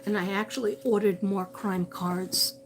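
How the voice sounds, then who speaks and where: A woman's voice: medium pitch, fairly even intonation, measured pace. A woman psychic medium doing a livestream reading, calling out to a missing person and repeating his name as she searches. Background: music.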